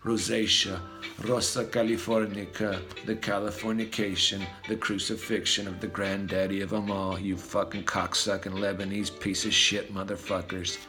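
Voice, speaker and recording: A man rambles in a profane, free-associating rant at a mid pitch, sometimes dropping to a mutter. Music plays clearly behind him. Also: flat delivery, normal speed. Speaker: vlogger. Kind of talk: rambling conspiracy monologue.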